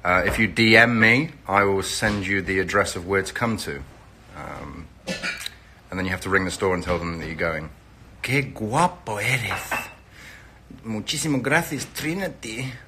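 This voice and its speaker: Speaking at a moderate pace with a low, steady voice, a middle-aged Englishman known from reality TV hosts a relaxed phone live stream. He calls out viewers by their locations and promotes an event while background noise carries on.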